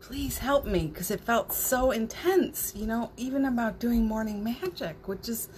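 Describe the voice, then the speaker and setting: A woman's voice: on the high side, measured pace, darkish tone, a little hiss or hum. A woman hosting a spiritual morning livestream, chatting casually, reading out viewer comments, and getting emotional, with laughter and near tears.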